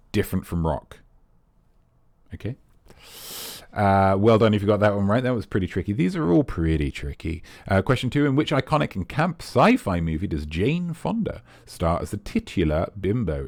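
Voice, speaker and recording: A man's voice: deep voice, darkish tone, no echo. A man hosting a trivia quiz, reading out questions and answers in a casual, playful way with jokey, rambling asides. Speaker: quiz host.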